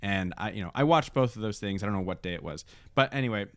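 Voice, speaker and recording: A man co-hosting a podcast, telling a story in casual chat, getting animated and laughing as he goes. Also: fast talker, dry recording, studio quality. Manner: animated storyteller, laughs and rises in pitch when excited. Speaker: podcast co-host. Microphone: studio microphone.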